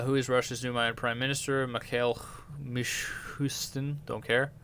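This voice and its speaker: A man's voice: fairly low pitch, a bit bright, a little hiss or hum. A young man hosting a podcast, reading news stories aloud and reacting with crude, irreverent jokes. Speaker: podcast host.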